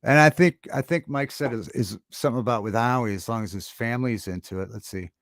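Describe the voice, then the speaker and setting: A man hosting a casual livestream talk show, chatting with viewers in a halting, rambling way with many fillers and restarts. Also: mid-range voice, dry recording, studio quality. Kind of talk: casual livestream chat reading viewer comments. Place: home studio.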